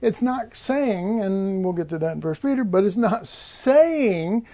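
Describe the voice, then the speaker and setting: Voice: medium pitch, animated, a little slow, warm tone, muffled recording. A preacher giving an informal Bible teaching, rambling with many fillers and restarts.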